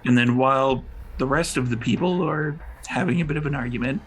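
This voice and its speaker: A man narrating a tabletop role-playing game as storyteller, relaxed and laughing often. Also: medium pitch, brisk, a little hiss or hum, low-quality recording.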